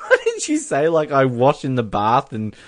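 Jokey man with lively pitch, dry sound. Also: normal speed, no room sound. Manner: joking, giggly, wordplay. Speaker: podcast co-host. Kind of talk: casual film commentary chat.

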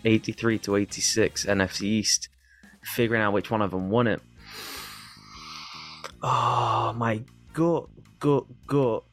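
Low-voiced man thinking out loud. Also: fairly even intonation, a little slow, long pauses, faint music behind. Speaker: podcast co-host. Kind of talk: casual podcast game show.

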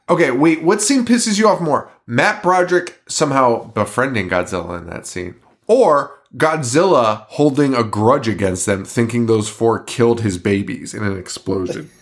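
A man co-hosting a horror film podcast, talking casually at a middle pitch. He rants and swears freely about the movie and laughs often. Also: expressive, normal speed. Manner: profane, ranting, laughing often. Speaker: podcast co-host. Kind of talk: casual chat.

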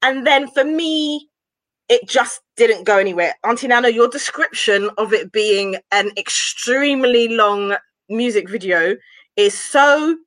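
A woman talks in lively, casual podcast chat, her voice sitting at an ordinary middle pitch. She keeps piling up rhetorical questions with growing exasperation. The sound is dry and close, with no room echo. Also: a little slow. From West London. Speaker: podcast co-host reviewing a film.

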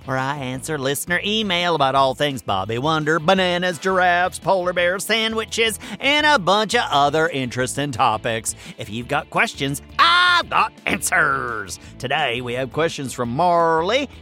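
A man voicing a boastful, excitable furry male cartoon hero who hosts a scripted children's radio show and talks in a bouncy, self-important way. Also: on the high side, normal speed, few pauses, soft background music.

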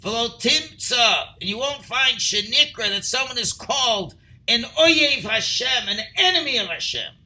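Guy teaching a torah class, high voice, really bright, reads hebrew then explains it, gets loud sometimes. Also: animated, measured pace, low-quality recording. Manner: reads Hebrew phrases then translates, rising to near-shouting emphasis. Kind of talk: text study class, reading and translating.

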